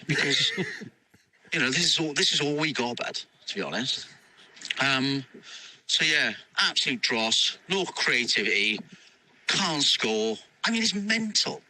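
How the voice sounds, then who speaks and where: A man's voice: fairly high pitch, sharp tone, a little hiss or hum, rough recording. A man ranting about his football team in a voice message, rambling, swearing and laughing. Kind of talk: ranting voice note.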